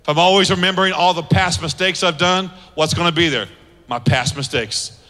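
A man's voice: a little high, fairly quick, sharp tone. A male pastor preaching a sermon with emphatic, repetitive exhortations that build to climaxes. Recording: long reverb of a large hall.

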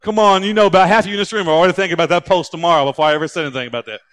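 A man preaching a sermon as a pastor, animated and climbing into loud, emphatic stretches. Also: high-pitched, very fast, no room sound.

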